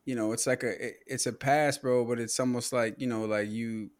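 A man chimes in on a relaxed podcast conversation, groping for words with plenty of fillers. His voice sits at an ordinary middle pitch. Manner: halting, many fillers and restarts. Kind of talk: casual podcast chat.

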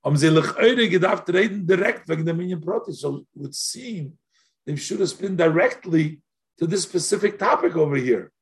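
A Torah teacher with a slightly high, animated voice speaks at a moderate pace in a text-study lesson. Asking questions aloud, he lets his voice rise, and his speech is dotted with Yiddish and Hebrew phrases.

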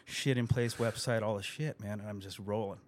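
A man as a podcast guest, swearing constantly in animated, casual storytelling. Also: fairly low pitch, a little fast, slight background noise. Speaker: guest musician.

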